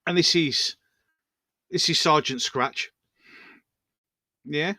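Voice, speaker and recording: A man's voice: a little high, slow, bright, forceful tone, no room sound, studio quality. A man hosting a casual live stream, rambling through viewer comments and chatting to his pets.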